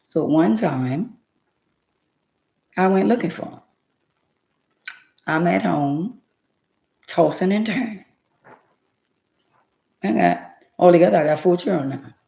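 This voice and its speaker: Woman rambling through her story to viewers, slow and emphatic, echoey room. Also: low voice, creaky, mellow, dull audio. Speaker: vlogger telling her life story. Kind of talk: casual storytelling to live viewers.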